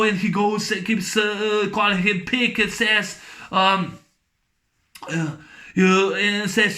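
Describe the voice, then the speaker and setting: Man, bright high-pitched voice, excitable rambling fan reviewer. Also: slow pace. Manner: rambling, excited, many restarts and fillers. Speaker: YouTube film reviewer. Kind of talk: casual movie discussion.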